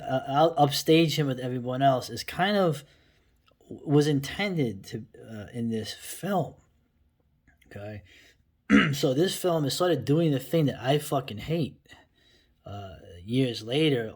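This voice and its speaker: A man from New York City chatting casually about a favorite film, rambling and enthusiastic, often trailing off into a soft mutter. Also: mid-range voice. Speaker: film vlogger. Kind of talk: casual movie talk.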